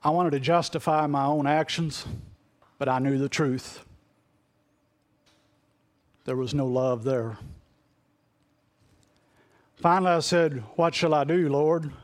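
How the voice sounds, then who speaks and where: A middle-aged man preaching, his voice sitting a little higher than most men's. He speaks earnestly and shares a personal confession, circling back over phrases as he searches for the words. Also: slow, long pauses. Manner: earnest, confessional, repeats himself as he reaches for words. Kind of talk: sermon.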